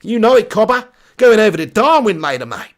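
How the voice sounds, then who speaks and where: A man's voice: big pitch swings, fairly quick. A man putting on a jokey, boisterous bloke, hearty and teasing. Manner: hearty, teasing, pitched up high. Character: jokey stereotyped Australian bloke, matey and boisterous.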